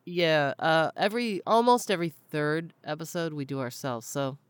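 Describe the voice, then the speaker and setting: Low-voiced woman podcast host, dry sound. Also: moderate pace, clean tone, dry recording. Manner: teasing and jokey. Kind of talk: casual podcast chat.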